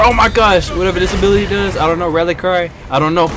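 Excitable man reacting to gameplay over music. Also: high voice, a little fast, few pauses. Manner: excitable, trash-talking, reacting loudly to the action. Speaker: gaming YouTuber. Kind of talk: live gameplay commentary. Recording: game music playing behind.

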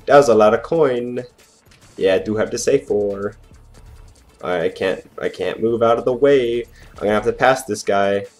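A young man giving excitable gameplay commentary as a channel host, trash-talking and swinging from mumbles to yells. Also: on the low side.

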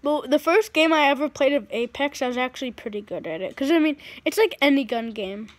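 A woman chatting casually and boastfully while filming friends playing a video game, with loud bursts. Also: sits high, brisk, no room sound.

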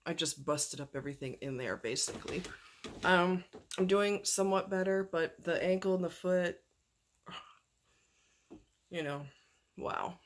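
A vlogger talks straight to the camera in a casual, candid way, with fillers and strong emphasis. The voice sits at a mid pitch. Pain from a fractured ankle colors the delivery. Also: a little slow, long pauses. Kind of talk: casual talking-head vlog.

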